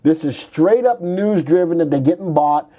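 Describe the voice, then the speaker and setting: A man's voice: fairly high pitch, expressive, moderate pace, dark tone. Chatty man hosting a stock show. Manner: wisecracking, slips into silly put-on voices. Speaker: stock market show host. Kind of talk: casual market commentary.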